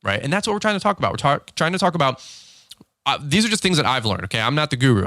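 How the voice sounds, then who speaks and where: A man hosting an unscripted podcast monologue. He talks fast and excitably and acts out quick bits of dialogue. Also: mid-range voice, dry recording, clean studio sound. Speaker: podcast host.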